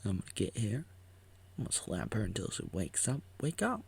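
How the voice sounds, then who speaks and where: A man's voice: deep voice, animated, a little fast, vocal fry, a little mellow, a little hiss or hum. A man giving a goofy, rambling live reaction to a video about himself, jumping into silly voices and whispers. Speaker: vlogger reacting to his own documentary. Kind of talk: casual live reaction commentary.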